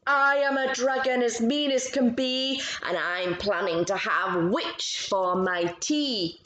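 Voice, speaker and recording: A woman's voice: on the high side, slow, fairly bright tone, roomy sound, poor audio. A woman voicing a mean, hungry male dragon in a storybook reading, menacing and gloating.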